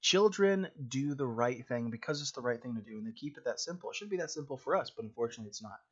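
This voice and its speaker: A man's voice: mid-range voice, lively intonation, fast talker, breathy edge, muffled recording. A man preaching a sermon in a plain conversational way, with frequent fillers and restarts.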